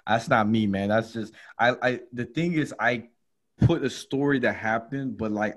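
A man hosting a podcast, telling a comedy story and acting out the voices in it. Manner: lively, acts out quotes with big jumps in pitch. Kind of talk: animated storytelling chat.

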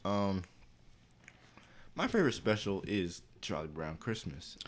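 Man, podcast co-host, casual chat, low voice, very lively pitch, laughs often. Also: a little slow. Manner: animated storytelling, acts out quotes in high squeaky voices, laughs a lot.

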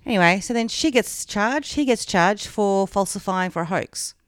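Frank, chatty Australian woman co-host; smooth voice, dry close sound. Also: mid-range voice, normal speed, no echo. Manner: chatty, frank, swears, many fillers. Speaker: podcast co-host. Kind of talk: casual chat, retelling a true-crime story.

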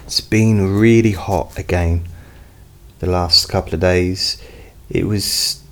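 Slow, deep-voiced man rambling. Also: fairly even intonation. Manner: slow, meandering and rambling, with many fillers. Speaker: hypnotist host. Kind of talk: casual personal update. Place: at home. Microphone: studio mic with pop filter, not close.

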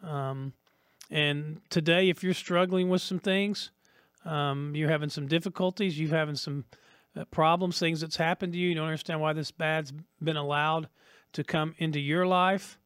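A man's voice: a little high, fairly even intonation, moderate pace, a bit bright, clean tone, dry recording, clean studio sound. A man preaching a sermon as a pastor, earnest and repetitive, rising to emphatic peaks.

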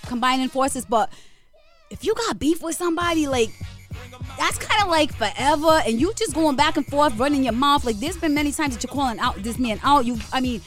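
A woman co-hosting a morning radio show, giving an animated, opinionated call-out rant in casual talk. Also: high voice. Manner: animated, opinionated, talks through rants. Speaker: radio co-host. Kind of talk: casual radio banter and commentary.

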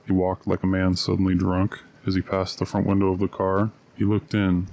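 A man reading a story aloud at a steady, measured pace. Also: sits low, creaky. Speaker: narrator. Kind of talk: audiobook reading.

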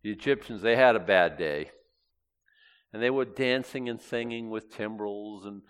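A man preaching a sermon, reading scripture aloud and swinging between loud and hushed delivery. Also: fairly low pitch, measured pace, clear, resonant tone.

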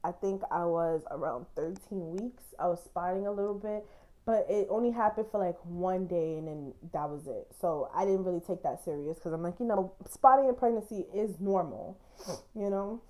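A woman's voice: fairly low pitch, normal speed, warm tone. A young woman hosting a podcast, telling a personal story in a blunt, candid way and swearing casually. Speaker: podcast host.

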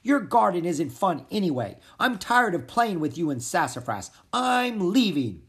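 A reader voicing a small, grumpy male frog creature who shouts sulkily in a storybook reading. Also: mid-range voice, sing-song, a little slow, voice pushed up. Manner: shouting, sulky.

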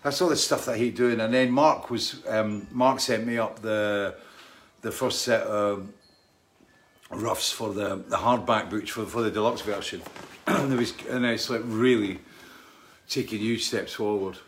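A man's voice: on the low side, steady tone, unhurried, slight background noise. Rambling friendly male livestream host. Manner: rambling, friendly, reads out viewer names. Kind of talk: casual live-stream chat.

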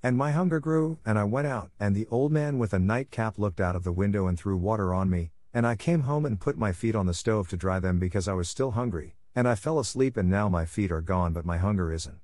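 A man's voice: fairly low pitch, fairly quick, hardly any pauses, darkish tone, dry recording, natural voice. A man voicing a hungry, whiny wooden puppet boy who pleads in long breathless run-on sentences. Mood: pleading.

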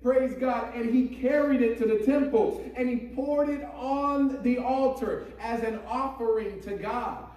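A man preaching with rising fervor, punctuating every thought with praise God and hallelujah. His voice sits high for a man and rings through a very echoey room, picked up from some distance off the mic. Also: dark tone. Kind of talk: sermon.

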